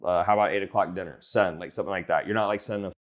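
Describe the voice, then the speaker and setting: A man's voice: fairly even intonation, racing. Blunt young man coaching on sales. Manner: blunt, swears casually, acts out text exchanges in a higher voice. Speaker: business coach. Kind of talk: casual coaching talk.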